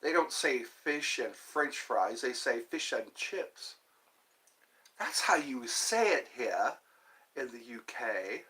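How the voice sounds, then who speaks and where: A man's voice: mid-range voice, very animated, slow pace, pushed and bright. A man in his fifties rambling through a solo livestream, talking to himself and jumping from one topic to the next. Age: 50s. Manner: rambling, talks to himself, jumps between topics. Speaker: livestream host.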